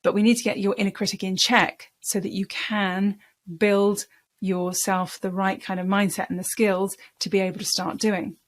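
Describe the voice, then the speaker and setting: A woman's voice: mid-range voice, level tone, moderate pace. A woman speaking coach giving a lesson, explaining in a conversational way and repeating words for emphasis. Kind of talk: talking-head coaching lesson.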